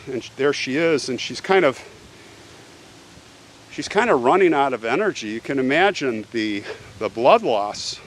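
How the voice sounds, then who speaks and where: The host, a true crime storyteller with a mid-range male voice, goes over a case in an easygoing, conversational way. "Right?" is a question he puts to the listener often. The recording carries a little hiss or hum.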